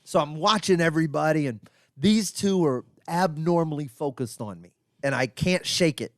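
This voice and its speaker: A man's voice: on the high side, animated, normal speed, no room sound, studio quality. A man co-hosting a podcast, telling rambling, profane stories in casual chat. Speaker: podcast co-host, comedian. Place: podcast studio.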